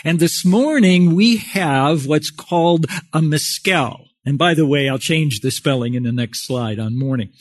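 Male pastor preaching in a folksy, joking manner; slow pace, dry close-miked sound. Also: fairly high pitch, dry recording. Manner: folksy and conversational, with self-deprecating humor. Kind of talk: sermon.

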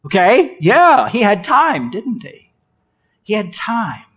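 A male pastor delivers a sermon with a high-pitched voice and an unhurried pace. He is animated and playful. His delivery swings from loud exclamations down to hushed, whispered asides. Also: husky.

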